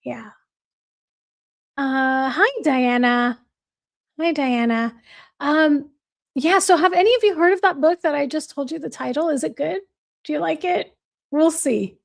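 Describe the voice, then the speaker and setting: A woman with a bright, high voice chats casually on her own livestream. She reads out viewer comments and greets each viewer by name. She is bubbly and laughs easily. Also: measured pace, creaky, pauses often. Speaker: livestream host.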